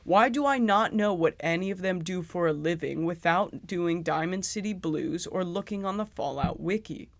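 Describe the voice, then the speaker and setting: A man's voice: high-pitched, normal speed, vocal fry, hardly any pauses, no echo. A man giving sarcastic, profane commentary on a video game. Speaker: video essayist.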